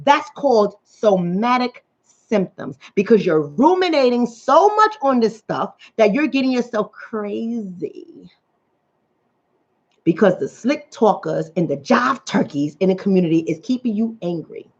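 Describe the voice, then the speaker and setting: A woman from the New York and New Jersey area with that accent, hosting a casual livestream as a relationship coach and reading out viewer comments in an animated storytelling manner. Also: medium pitch, a little slow. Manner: animated storytelling, acts out quoted voices. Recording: dull lo-fi audio.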